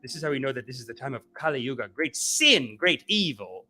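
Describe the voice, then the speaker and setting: Bright, lively male mock guru. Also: a little fast. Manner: mock-preachy, playful, mimics people in high voices. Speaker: comedy guru host. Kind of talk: satirical spiritual-guru livestream.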